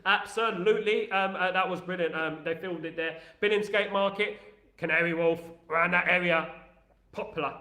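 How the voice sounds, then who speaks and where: A man hosting a rambling, jokey, excitable casual chat. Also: high voice, moderate pace, reverberant. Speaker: host.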